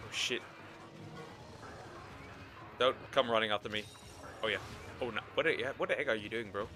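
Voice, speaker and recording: A young man streaming a game, chatting casually, cursing and yelling in bursts at the monster he fights. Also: medium pitch, normal speed, faint music behind. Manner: excitable, swears, yells at the game. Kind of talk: casual gaming commentary.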